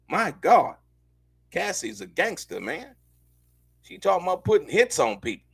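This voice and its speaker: Raspy, gravelly man hosting live commentary. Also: high voice, big pitch swings, normal speed, fairly bright tone, no room sound. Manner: loose, slangy, repeats himself, addresses viewers directly. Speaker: host of a commentary show. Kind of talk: live commentary on court news.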